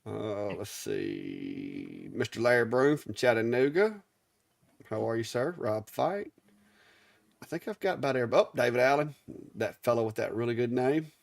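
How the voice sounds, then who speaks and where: Middle-aged Southern man with an Alabama accent, easygoing live-show co-host, mid pitch, dry and close. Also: creaky, no echo. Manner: easygoing drawl, stumbles over names. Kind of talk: casual live-stream chat.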